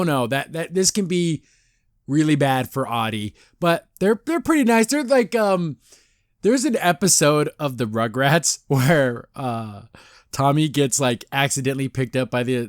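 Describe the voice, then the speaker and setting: Guy hosting a podcast, kinda high voice, dry sound, rambly and laughy while he recaps stuff. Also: no echo. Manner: rambling, animated retelling with acted-out quotes and frequent laughs. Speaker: podcast host reviewing a comic. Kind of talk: casual chat.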